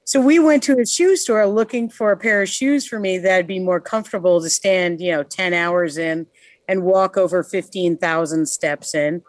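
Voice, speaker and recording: A woman's voice: fairly low pitch, steady tone, normal speed, no echo. A woman from New York, a guest on a talk show, telling casual stories bluntly and swearing freely. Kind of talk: casual storytelling chat.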